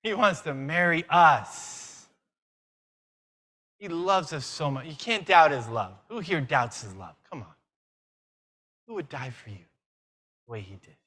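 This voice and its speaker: Brief: man, fairly high crisp voice, conference sermon, quizzes the crowd. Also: measured pace, pauses often. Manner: lively, fires questions at the audience; self-mocking asides. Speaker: conference speaker.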